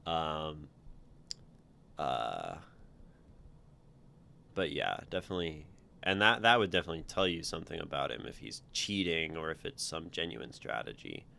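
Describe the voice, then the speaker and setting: A man's voice: extremely low pitch, vocal fry, sharp tone, slight background noise. A man hosting a livestream, reading viewers' writing aloud and critiquing it in a rambling way full of ums and restarts.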